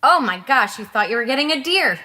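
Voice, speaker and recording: A woman co-hosting a podcast in casual chat, enthusiastic and giggly with quick reactions. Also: sits high, very animated, pushed and bright. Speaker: podcast co-host.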